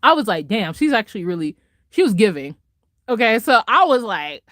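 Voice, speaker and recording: Woman, vlogger, casual reaction chat, fairly high voice, dry close sound, excitable, laughs a lot. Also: normal speed, no room sound. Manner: excitable and gushing, laughs often; swings between loud highs and soft mutters.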